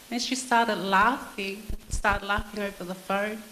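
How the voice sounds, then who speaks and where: A woman's voice: medium pitch, steady tone, moderate pace, few pauses, pushed and bright, reverberant, slight background noise, poor audio. A woman giving a chatty funeral tribute for her mother-in-law, telling stories with a few ums along the way. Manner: chatty storytelling with fillers. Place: church hall.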